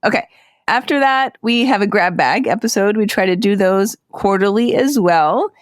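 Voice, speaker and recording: A woman's voice: mid-range voice, expressive, normal speed, no echo, studio quality. Playful woman co-hosting a podcast. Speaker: podcast co-host. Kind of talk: casual podcast chat.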